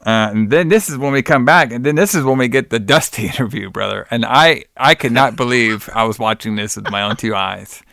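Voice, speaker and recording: A young man chats loosely about old wrestling broadcasts, piling up fillers and curse words. His voice is smooth and clear. The sound is dry and close to the mic. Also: mid-range voice, fairly quick, hardly any pauses, pushed and bright, no echo. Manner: profane, rambling, says "brother" and "like" a lot. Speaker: podcast co-host. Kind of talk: casual chat recapping old wrestling shows.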